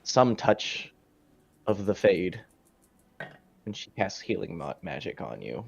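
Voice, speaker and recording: A man's voice: lowish voice, very animated, slow pace, gravelly, breathy edge, dull audio. A man running a tabletop game as dungeon master, narrating the action with laughs.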